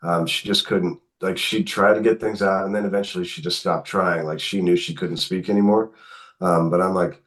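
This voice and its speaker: A middle-aged man with a low, deep voice tells a family story as a guest in an interview. He talks animatedly and jumps into other people's voices when he quotes them. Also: moderate pace. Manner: animated, acts out quotes in his telling. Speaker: guest author. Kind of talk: conversational storytelling.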